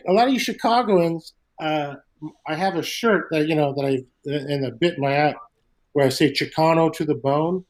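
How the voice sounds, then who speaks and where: Man, from Southern California, stand-up comic guest, casual laid-back chat, slightly high voice. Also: moderate pace, low-quality recording. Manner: laid-back, laughs at own stories.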